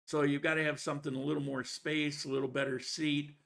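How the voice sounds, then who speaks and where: A man's voice: fairly high pitch, level tone, a little fast, vocal fry, fairly bright tone. A man hosting a live stream, greeting viewers by name and chatting casually with frequent restarts. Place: living in Colombia.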